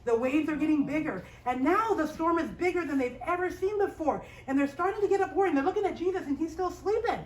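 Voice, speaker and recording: A young woman telling a Bible story to a children's class, animated and asking the children questions. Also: sits high, moderate pace. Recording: echoey room, voice from a distance, faint hiss. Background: children's group.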